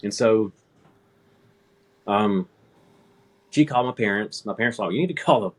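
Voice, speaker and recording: Man, 30s, low husky voice, casual anecdote, self-deprecating. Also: normal speed. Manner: relaxed anecdotal storytelling, laughing at himself. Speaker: air traffic controller, guest. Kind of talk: casual storytelling.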